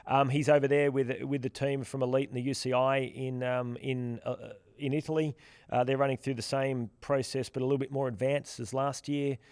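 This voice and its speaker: A man's voice: medium pitch, flat delivery, a little fast, darkish tone, dry recording. A man co-hosting a podcast in casual chat, rambling with many restarts and fillers. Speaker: podcast co-host from the platform's team.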